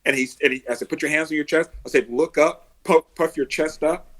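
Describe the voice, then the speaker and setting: A man working as an emotional success coach, a podcast guest who tells animated stories and acts out the people he coaches. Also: a little high, fairly quick. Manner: animated storyteller, acts out quotes and heroic laughs.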